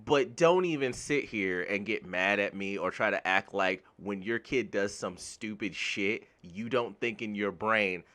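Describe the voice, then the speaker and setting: A man from the United States giving a casual, blunt gaming commentary rant, swearing freely and getting animated when worked up. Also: lowish voice, a little slow, few pauses. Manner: blunt, swears freely, laughs at own jokes. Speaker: gaming YouTuber.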